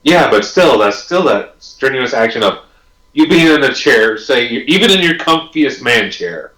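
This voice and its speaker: A man's voice: mid-range voice, big pitch swings, normal speed, sharp tone. A man co-hosting a podcast in a mid-range voice, joking crudely and talking animatedly. The room around him is noticeably roomy and echoey. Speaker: podcast co-host. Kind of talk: casual podcast chat.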